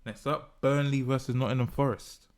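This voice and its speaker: A man's voice: mid-range voice, fairly even intonation, normal speed. A man co-hosting a casual podcast, reading out results and making predictions in a teasing, presenting way. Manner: teasing, game-show-like presenting. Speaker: podcast co-host, football fan.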